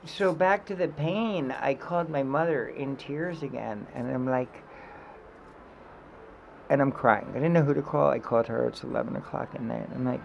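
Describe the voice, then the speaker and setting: A man telling an emotional personal story in a podcast chat, animated and swearing freely. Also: mid-range voice, normal speed, creaky. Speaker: guest. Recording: dull, slightly noisy podcast audio.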